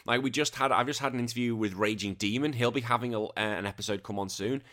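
A man's voice: medium pitch, fast talker, pushed and bright. A man with a British accent hosting a retro gaming podcast, rambling in a chatty, self-deprecating way. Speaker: podcast host. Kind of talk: casual podcast monologue.

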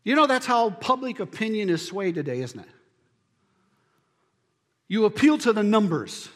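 Man, pastor, sermon, high voice, long church reverb. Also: animated, moderate pace, pauses often. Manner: emphatic preaching, rising to near-shouts on key phrases.

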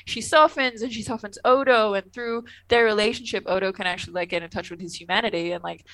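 A woman's voice: medium pitch, fast, fairly bright tone, no echo, poor audio. A young woman co-hosting a podcast in casual chat, gushing and giggling as she retells scenes. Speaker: podcast co-host.

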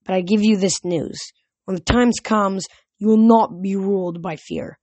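A woman voicing an ancient, fading nature god who speaks slowly and solemnly. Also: mid-range voice, darkish tone, no room sound, close to an everyday voice. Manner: slow, solemn, forlorn.

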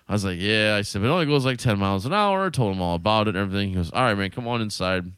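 A man's voice: lowish voice, racing, few pauses, slight background noise. A man casually telling a long story, swearing freely and acting out what each person said. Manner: animated, profane, acts out quotes.

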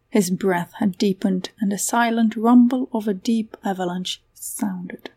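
A woman's voice: medium pitch, fairly even intonation, a little slow, few pauses, dark tone, breathy edge. A woman narrating a fantasy story aloud, giving the characters voices of their own. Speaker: audiobook narrator.

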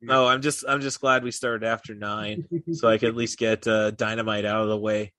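Low-voiced man rambling in casual chat. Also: level tone, moderate pace, fairly bright tone, no room sound. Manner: rambling, heavy on "like" and "uh" fillers. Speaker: podcast co-host.

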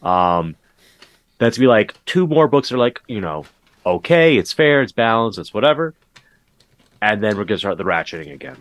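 A fairly low-voiced man gives wry, skeptical takes in casual podcast chat, filling gaps with likes and you-knows. The recording is dry and close. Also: big pitch swings, normal speed, no echo. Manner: wry and skeptical, many fillers. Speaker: podcast co-host.

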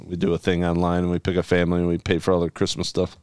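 A man's voice: sits low, rapid-fire, clean tone, no room sound, studio quality. A man in his thirties co-hosting a casual podcast, reading listener questions and telling stories with a lot of swearing and laughter. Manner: animated, swears freely, laughs through stories. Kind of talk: casual chat.

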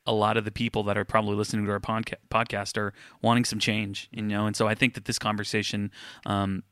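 Male co-host, bright flat delivery, earnest and halting; dry close mic. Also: on the low side, clean tone, no room sound. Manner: earnest, hesitant, filler-heavy. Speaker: podcast co-host. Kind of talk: casual chat.

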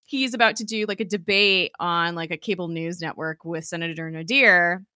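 A woman hosting a casual recap chat, talking fast, laughing often and quoting lines as she goes. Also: fairly low pitch, fairly even intonation, sharp tone, smooth, no room sound, studio quality. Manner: chatty, laughs often, acts out lines in quick quotes. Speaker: podcast host recapping an episode.

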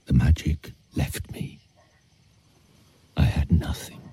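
An actor playing a bitter old former magician who lost his family, speaking in a hushed voice that slips into whispers. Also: a bass voice, steady tone, slow pace, breathy edge, exaggerated voice. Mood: grieving. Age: older. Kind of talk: animated series drama.

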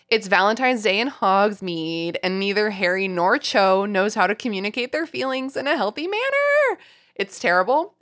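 A woman's voice: mid-range voice, fairly bright tone. A stuffed-up, nasal woman in her forties with a Boston accent hosts a podcast while sick. She keeps to a babyish little-kid voice as she chats. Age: 40s. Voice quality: nasal, congested. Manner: talking in a put-on baby-talk voice. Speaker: podcast host. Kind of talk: casual podcast chat.

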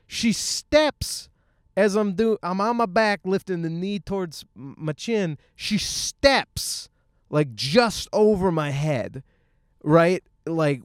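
Animated, profane man hosting a podcast. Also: fairly high pitch, slow, clean tone, dry recording, clean studio sound. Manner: animated, profane, laughing through his stories. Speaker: podcast host. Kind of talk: solo podcast rant.

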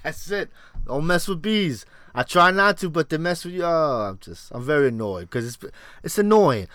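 Lively, higher-voiced man in casual chat. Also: normal speed, no echo, studio quality. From Puerto Rico. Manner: animated storytelling, loose and profane. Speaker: podcast co-host.

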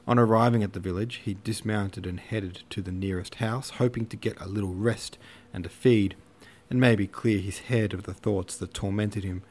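A man's voice: lowish voice, steady tone, normal speed, darkish tone. A man narrating a classic novel in a slangy, irreverent retelling. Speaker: audiobook narrator. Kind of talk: casual audiobook narration.

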